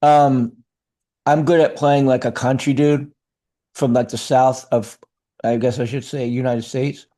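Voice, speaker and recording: Animated middle-aged man with a mellow voice. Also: mid-range voice. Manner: animated, talks fast with many fillers and restarts. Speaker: actor and acting coach. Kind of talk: casual interview chat.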